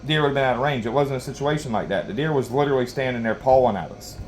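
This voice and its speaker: A man's voice: medium pitch, very fast, slight background noise. Rambling man telling a hunting story. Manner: rambling, folksy, lots of you-knows and restarts. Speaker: knife sharpening channel host. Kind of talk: casual storytelling while sharpening.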